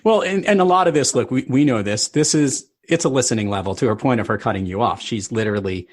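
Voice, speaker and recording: A man's voice: medium pitch, fast talker, no echo, clean studio sound. A man hosting a podcast interview, thinking aloud with restarts. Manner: thoughtful, rambling, with restarts. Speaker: podcast host.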